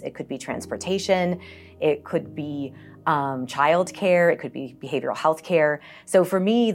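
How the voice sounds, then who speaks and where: A woman from Colorado, a health organization CEO, speaking earnestly as a podcast interview guest with occasional fillers. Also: sits low.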